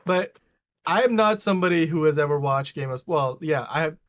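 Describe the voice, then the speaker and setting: Inquisitive male podcast co-host, higher voice, slightly muffled audio. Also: expressive, a little fast, fairly bright tone. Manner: chatty, asks questions, self-interrupting. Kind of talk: casual podcast chat.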